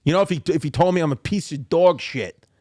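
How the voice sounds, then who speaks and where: Higher-voiced New man in his forties. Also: fast talker. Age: 40s. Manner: rambling, animated, repeats himself, swears freely. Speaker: podcast host. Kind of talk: casual chat.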